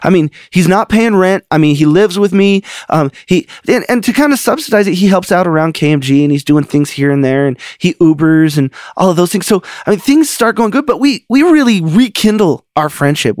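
Animated man telling a personal story. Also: high voice, no room sound, clean studio sound. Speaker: podcast host.

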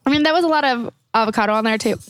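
A woman's voice: fairly high pitch, rapid-fire, fairly bright tone, dry recording. Laid-back female guest, casual talk, dry recording. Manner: easygoing, laughs often. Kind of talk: casual food review chat.

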